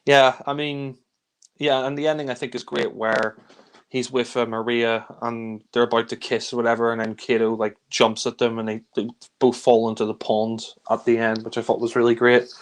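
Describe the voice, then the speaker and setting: Flat-toned man recapping films. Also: mid-range voice. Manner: rambling, loose plot recap. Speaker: film reviewer. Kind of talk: casual film review chat.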